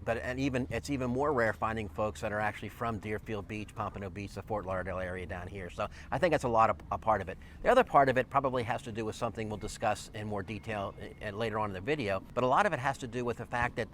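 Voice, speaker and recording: A man's voice: fairly low pitch, fast talker, few pauses, fairly bright tone, a little hiss or hum. A man hosting a real estate video, talking emphatically to the viewer and checking in with "okay?" after his points. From lived in northeast Georgia. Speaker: real estate agent and channel host. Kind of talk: casual chat to camera.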